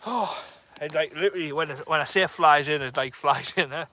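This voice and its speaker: A man's voice: on the high side, brisk, sharp tone. A man live-streaming outdoors at night, chatting casually to viewers. He talks in a nervous, jokey way as he reads out their comments. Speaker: fishing vlogger streaming live. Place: outdoors on a dark shore at night. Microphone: phone or camera on a tripod.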